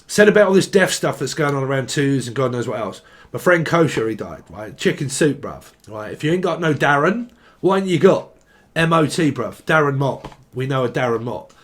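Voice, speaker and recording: A man's voice: mid-range voice, expressive, moderate pace. A man giving a casual tarot reading, joking and swearing, and breaking into song now and then. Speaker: tarot reader.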